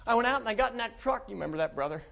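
Gravelly, very high-pitched and expressive, this preacher rattles off his personal testimony to a church at rapid-fire speed. The middle-aged central Pennsylvanian tells his conversion story folksily, with warm chuckles and frequent restarts.

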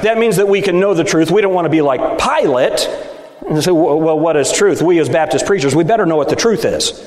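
A middle-aged Baptist preacher delivers an emphatic sermon in a big, echoey sanctuary. His voice sits a touch high for a man and rings out with a long reverb. He keeps tossing rhetorical questions at the room to make sure they are with him. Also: expressive, fast talker. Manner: emphatic, rhetorical, seeking agreement from the audience. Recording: echoey hall, speaker at times off mic.

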